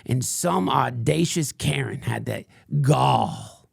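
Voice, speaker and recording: A man putting on a gravelly ranting crank. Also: medium pitch, lively intonation, takes it slowly, no room sound, studio quality, exaggerated voice. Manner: rambling, crude, mock-solemn tirade. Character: unhinged ranting male conspiracy crank. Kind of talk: comedic character monologue.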